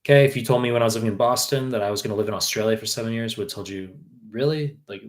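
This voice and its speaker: A man's voice: lowish voice, fairly even intonation, racing. A man in his thirties from New York, a tutor answering viewer questions on a live stream in a blunt, profane way with many fillers. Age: 30s. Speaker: exam prep tutor.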